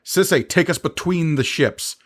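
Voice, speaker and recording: A man's voice: a little high, normal speed, voice pushed up, close to an everyday voice. A man voicing a bold young male airship commander who gives confident orders. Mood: commanding.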